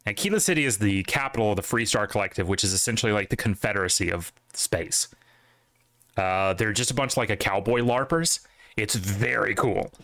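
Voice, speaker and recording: Rambling young podcast host, dry sound. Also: male voice, fairly low pitch, fairly quick, creaky, no echo. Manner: rambling, animated, lots of fillers and restarts. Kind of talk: casual chat.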